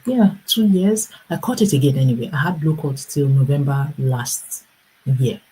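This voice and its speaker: A middle-aged woman hosting a casual livestream, telling an animated personal story with laughter and acted-out voices. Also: a bass voice, moderate pace, husky, low-quality recording. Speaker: livestream host and business coach.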